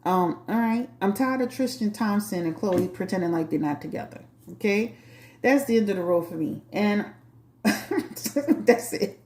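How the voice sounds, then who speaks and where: A woman's voice: medium pitch, creaky, dark tone, roomy sound. A woman with a New Orleans accent, a tarot reader hosting her channel, chatting bluntly and sassily to a live chat. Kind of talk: casual talk to a live chat.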